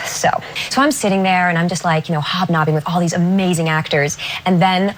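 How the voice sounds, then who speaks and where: A woman telling a self-deprecating anecdote as a talk show guest, as an animated storyteller. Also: on the low side, fairly quick, slight background noise.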